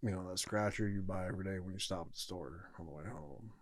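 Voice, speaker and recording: A man's voice: sits low, fast, gravelly, no room sound, clean studio sound. A man talking bluntly and casually as a podcast guest, swearing freely in a matter-of-fact way. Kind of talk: casual chat.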